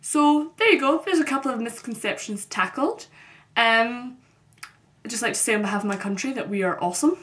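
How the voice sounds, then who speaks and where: A woman's voice: fairly high pitch, expressive, fairly quick, fairly bright tone. Chatty woman with a mild Scottish accent. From Scotland, Glasgow. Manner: chatty, upbeat, frequent ums. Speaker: vlogger. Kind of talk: casual chatty vlog. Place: her bedroom at home.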